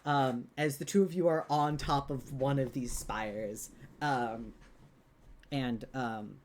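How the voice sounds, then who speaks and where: A man's voice: mid-range voice, steady tone, takes it slowly, a little hiss or hum. A man narrating a tabletop game as game master, rambling with many "um"s and "like"s.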